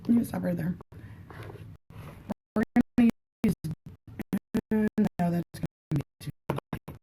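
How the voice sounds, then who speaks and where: A woman's voice: medium pitch, expressive, measured pace, pauses often, background noise. A woman hosting a casual makeup tutorial, chatting to her viewers in a friendly way as she works.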